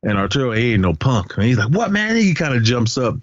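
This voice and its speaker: A man's voice: on the low side, quick pace, no echo, highs cut off. A man co-hosting a podcast, recapping a film's plot casually, rambling and correcting himself with lots of fillers. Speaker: podcast co-host.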